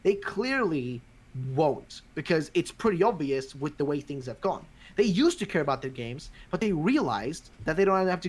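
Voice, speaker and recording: A man's voice: a little high, moderate pace, breathy edge. A man hosting a podcast in casual chat, ranting with lots of swearing. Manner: profane, ranting, animated. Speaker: podcast host.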